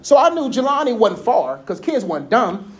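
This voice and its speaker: Male preacher, casual storytelling sermon, animated and conversational, frequent laughter. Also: very high voice, normal speed. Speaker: speaker.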